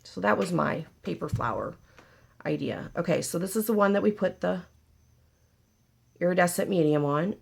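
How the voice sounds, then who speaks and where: A woman's voice: on the low side, gravelly. A woman hosting a casual paper craft tutorial, chatty and joking with her viewers as she works. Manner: chatty, jokey, talks to viewers while working.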